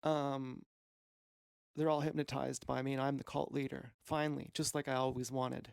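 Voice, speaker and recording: A man's voice: medium pitch, level tone, moderate pace, gravelly, clear, resonant tone, no echo, clean studio sound. A man rambling through a meandering, profane, self-questioning monologue as a streamer.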